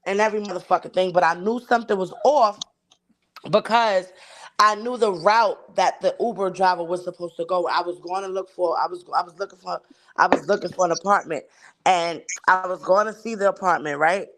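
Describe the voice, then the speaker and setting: A woman's voice: on the low side, normal speed. A woman co-hosting a casual chat show, telling a story at length with heavy swearing and acting out the dialogue. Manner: profane and emphatic, acts out quoted dialogue. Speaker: podcast co-host.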